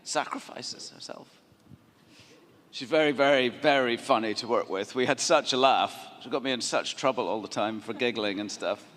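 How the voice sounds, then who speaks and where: A man's voice: mid-range voice, normal speed, fairly bright tone. A man on a fan-convention panel, talking in an easygoing, jokey way. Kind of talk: relaxed panel talk. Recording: reverberant convention hall, crowd ambience.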